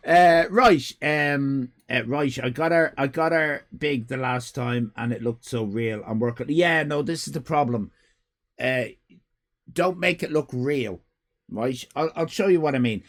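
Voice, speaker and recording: A livestream host with a mid-range voice and measured pace chats casually from a home room with cats. He rambles, swears, and breaks off mid-sentence as he talks.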